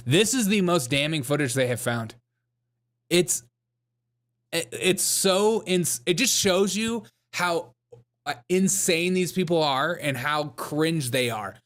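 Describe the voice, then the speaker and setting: A man's voice: a little high, fairly bright tone. A man hosting a comedic commentary show, reacting sarcastically to clips and laughing often.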